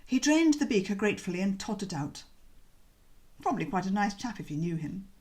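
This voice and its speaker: A woman narrating a comic novel with a lively, expressive reading. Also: medium pitch, fairly quick. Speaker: audiobook narrator. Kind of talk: audiobook narration.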